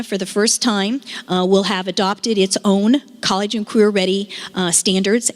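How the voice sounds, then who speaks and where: An earnest woman addresses a community meeting, building her points through repetition. Her voice sits at an ordinary middle pitch. A long reverb from the meeting hall trails behind each phrase. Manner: earnest, repeats phrases for emphasis. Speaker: state education official speaking at a meeting. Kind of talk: public speech.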